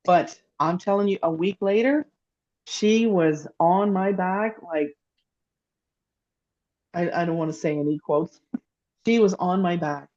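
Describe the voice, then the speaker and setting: A woman with a somewhat low, mellow voice tells a long personal story in casual chat. She rambles and restarts, her feeling building as she goes. Her remote call mic sounds a little dull. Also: a little slow, long pauses. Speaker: psychic, podcast co-host. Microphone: remote call microphone.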